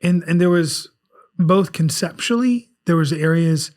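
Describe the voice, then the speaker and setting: At a measured pace, a man in his forties from South Carolina speaks in a slightly mellow voice on the high side, his faint Southern accent coming through. He's the guest author on a casual podcast with lots of restarts, rambling and restarting often in a candid, self-reflective way.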